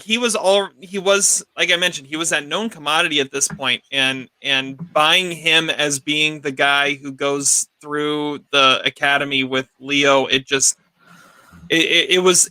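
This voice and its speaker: A man's voice: fairly high pitch, no echo. A man co-hosting a podcast, chatting casually about films and restarting his sentences as he argues a point. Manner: restarts sentences, animated when arguing. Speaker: podcast co-host leading the segment. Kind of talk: casual film discussion.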